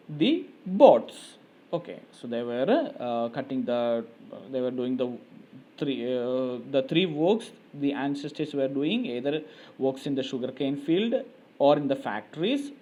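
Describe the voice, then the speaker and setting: A man's voice: fairly high pitch, warm tone. A male teacher with an Indian English accent, reading a textbook aloud and explaining it line by line with many fillers. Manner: reads a sentence, then paraphrases it with many fillers.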